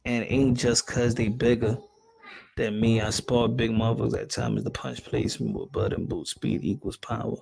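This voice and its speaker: A man's voice: medium pitch, steady tone, moderate pace, gravelly, darkish tone. A man hosting a casual boxing live stream, talking loosely in slang and muttering to himself while he checks who is on.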